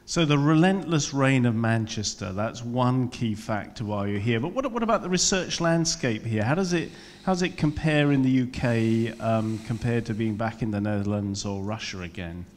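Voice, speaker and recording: A man's voice: medium pitch, animated, normal speed, hardly any pauses. A man hosting a live interview on stage, asking fluent, enthusiastic questions. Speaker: interviewer, host. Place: museum event hall, live audience. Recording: long reverb of a large hall.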